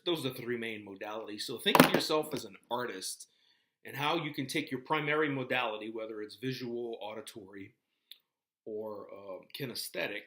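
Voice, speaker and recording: A man's voice: fairly low pitch, fairly bright tone. A man giving a casual talk to a class, rambling with many fillers and restarts. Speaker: lecturer. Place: classroom with a board.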